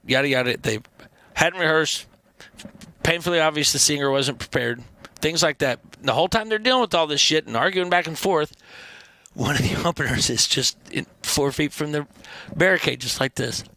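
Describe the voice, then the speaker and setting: A man guesting on a podcast, telling animated, profane band stories in casual chat. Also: fairly high pitch, a little fast, no room sound. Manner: animated, profane, acts out quotes in loud voices. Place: podcast studio.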